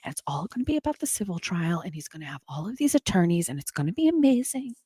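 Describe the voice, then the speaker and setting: A woman hosting a podcast, chatting casually in a gossipy, animated way. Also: lowish voice, quick pace, husky, dry recording. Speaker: podcast host. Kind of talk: casual chat.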